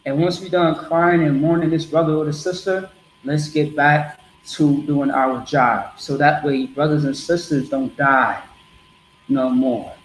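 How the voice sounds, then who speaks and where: A man's voice: on the high side, steady tone, a little slow, roomy sound, a little hiss or hum, poor audio. A man preaching bluntly to a group in a streetwise, repetitive way.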